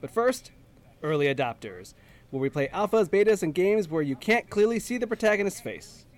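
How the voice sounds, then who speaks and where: A man's voice: sits high, big pitch swings, normal speed. A man hosting a casual gaming podcast over a video call, joking and sing-song, stumbling over names. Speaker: podcast host. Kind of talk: casual chat.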